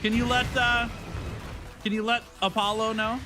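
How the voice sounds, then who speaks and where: A man in his thirties, a gaming streamer, chatting casually with his live viewers, upbeat and quick to laugh. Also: high-pitched, little pitch movement, noisy background.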